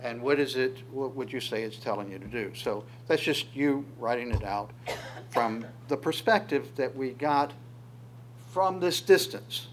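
Guy running a bible study, talks it through slow and halting, faint hum behind. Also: medium pitch, lively intonation. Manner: halting, thinking aloud with many pauses. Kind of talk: informal Bible study teaching.

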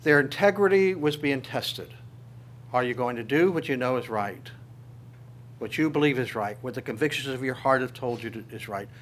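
A man's voice: medium pitch, normal speed, slight background noise. A male pastor preaching a sermon, reading scripture aloud with his own commentary and asking the congregation rhetorical questions.

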